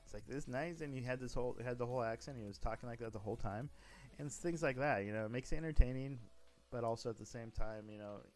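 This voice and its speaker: This streamer's voice is mid-range and darkish, and he speaks at a quick pace. He chats casually about running a role-play server, rambling along with frequent restarts and self-corrections.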